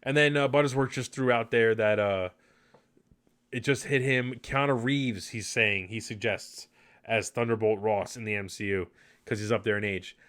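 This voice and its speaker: A man's voice: lowish voice, moderate pace, fairly bright tone. A man hosting a casual live podcast, chatty and enthusiastic, rambling with fillers. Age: adult. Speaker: podcast host.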